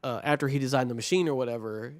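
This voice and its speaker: A man's voice: mid-range voice, fast, no room sound. A man co-hosting a podcast, recapping a movie plot in a rambling, profane way, full of "like" and acted-out quotes. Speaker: podcast co-host.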